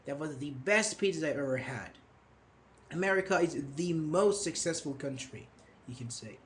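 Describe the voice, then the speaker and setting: A man's voice: a little high, expressive, moderate pace, slight background noise. A man teaching an online grammar class, patiently explaining with examples and praising his students. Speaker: English teacher.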